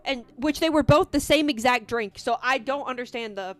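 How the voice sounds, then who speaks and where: A woman's voice: high-pitched, normal speed, hardly any pauses, dry recording, soft background music. A young woman vlogger telling a story casually while gaming, rambling with lots of "like" and frequent swearing.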